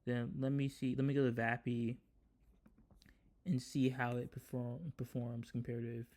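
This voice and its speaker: A man's voice: medium pitch, little pitch movement, normal speed, warm tone. A man hosting a casual coding tutorial, talking hesitantly with many restarts. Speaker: tutorial host, developer. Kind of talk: casual screen-recorded tutorial.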